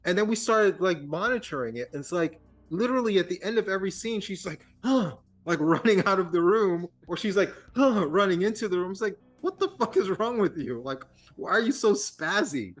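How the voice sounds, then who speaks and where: Animated man mocking a bad movie. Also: high-pitched, a little fast, hardly any pauses. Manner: animated, swearing, mocking impressions. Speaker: podcast co-host. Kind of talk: casual film discussion.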